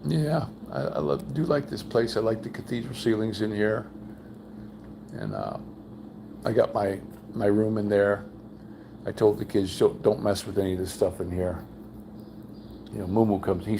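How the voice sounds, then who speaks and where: A man's voice: vocal fry, a little mellow, a little hiss or hum. An older man chatting casually on a livestream, telling folksy stories and acting out other people's lines in a raised voice. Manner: folksy storyteller, acts out quotes in a higher voice. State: undergoing cancer treatment. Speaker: vlogger. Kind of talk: casual rambling livestream chat. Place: home room with high ceilings.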